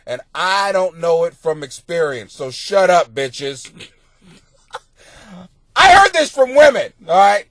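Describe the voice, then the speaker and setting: Brief: male comic podcast host, high lively voice, slow, dry close sound, profane advice rants. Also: no room sound. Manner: loud, profane, mocking, swings into yelling. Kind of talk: crude comedic advice rant. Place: home basement.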